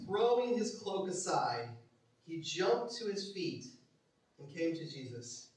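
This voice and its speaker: A man preaching a sermon as pastor, telling stories animatedly, acting out quotes and dropping from loud to hushed. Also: on the high side, expressive, measured pace. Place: church. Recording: echoey church hall from far off.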